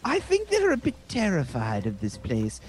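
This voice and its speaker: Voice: mid-range voice, wildly swooping pitch, moderate pace, darkish tone. A player in a tabletop game speaking in-character with hesitant, polite and formal wording.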